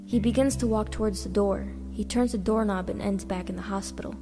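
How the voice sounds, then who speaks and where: A woman reading her own short story aloud in a plain, steady way. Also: mid-range voice, fairly quick. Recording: reverberant with background music.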